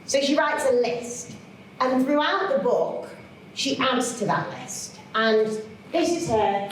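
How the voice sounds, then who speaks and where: A woman, a children's author chatting to an audience in a lively, self-mocking way. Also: high voice, slow pace, slight background noise. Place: large hall. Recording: echoey hall from far off.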